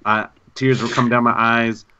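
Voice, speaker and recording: A man co-hosting a gaming podcast in casual chat, an animated storyteller who repeats himself. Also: mid-range voice, moderate pace, clean tone, dull audio. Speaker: podcast co-host.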